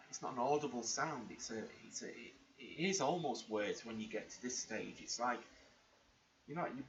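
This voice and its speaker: A man vlogging, telling an emotional personal story in an earnest, rambling way with many restarts. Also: medium pitch. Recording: muffled lo-fi recording with faint background hiss.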